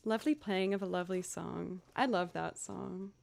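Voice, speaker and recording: A woman's voice: lowish voice, steady tone, moderate pace, creaky, darkish tone. A young woman chatting casually with viewers on her music livestream, upbeat and encouraging herself.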